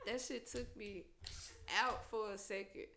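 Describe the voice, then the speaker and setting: A woman's voice: mid-range voice, steady tone, measured pace, roomy sound, background noise. A young woman telling a profane personal story in a casual, laughing way, acting out the lines of the people in it.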